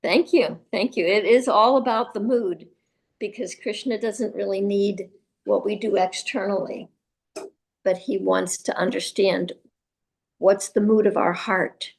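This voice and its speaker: Woman, class speaker, gentle and reflective, pausing often, temple class. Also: mid-range voice, steady tone, gravelly. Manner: gentle, reflective, pauses with fillers. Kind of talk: spiritual class talk with Q&A.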